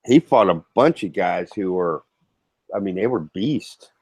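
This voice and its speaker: A man's voice: sits low, animated, a little slow, breathy edge, dry recording, low-quality recording. A man chatting casually as a guest on a live stream, laid-back with a dry, sarcastic manner. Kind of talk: casual chat.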